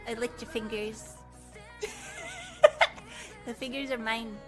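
A woman's voice: a little high, steady tone, takes it slowly, over music. Playful, giggly woman streamer. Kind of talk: casual stream chat.

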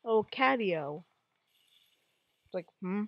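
Woman, youtuber, reaction commentary, rambling, mid pitch. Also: expressive, slow pace, dry recording, highs cut off. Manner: rambling, jumps between topics.

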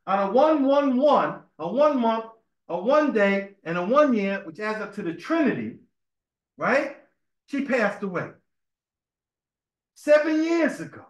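At a religious temple meeting, a man gives an informal sermon, sharing personal stories conversationally. His voice is very high-pitched and fairly bright, and he often repeats words and asks listeners "right?", all in an echoey room.

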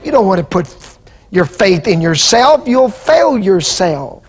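A man preaching an impassioned sermon that rises into shouts and calls for the congregation to answer. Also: sits high, sing-song, measured pace, slightly rough. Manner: impassioned, rising into shouts and call-and-response. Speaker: pastor. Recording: archival 2000 TV broadcast.

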